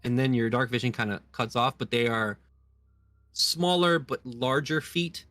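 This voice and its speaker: A man's voice: medium pitch, a little slow, no room sound, soft background music. Laid-back male game master, dry sound. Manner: relaxed, loose describing with many fillers. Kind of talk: narrating a tabletop game.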